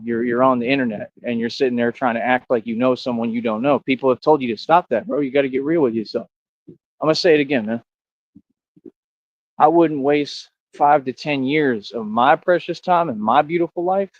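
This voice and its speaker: A man's voice: mid-range voice, dry recording, highs cut off. A man ranting to his chat on a livestream, boastful and confrontational, who keeps calling people bro.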